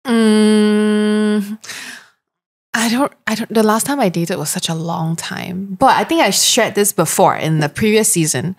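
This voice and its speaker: A woman's voice: mid-range voice, measured pace. A young Malaysian woman with a Malaysian English accent, hosting a casual chat and telling stories with laughter. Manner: laughing storyteller, animated put-on quotes.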